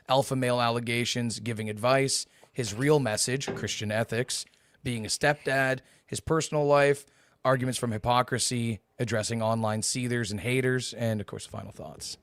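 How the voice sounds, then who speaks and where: Male co-host, mid pitch, dry close sound, matter-of-fact. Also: steady tone, moderate pace, a bit bright, clear, resonant tone, no echo. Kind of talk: casual call-in show chat.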